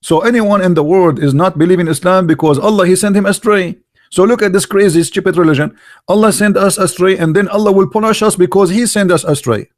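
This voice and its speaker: A man's voice: high-pitched, a little fast, no room sound, studio quality. A man speaking English as a second language, mocking a religious text in sarcastic, incredulous commentary. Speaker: online religion critic.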